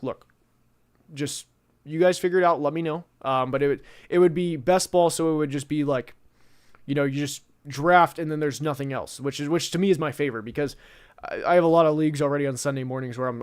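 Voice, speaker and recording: A man's voice: on the high side, smooth. A young man hosting a casual football podcast, rambling with lots of fillers and restarts. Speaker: podcast host.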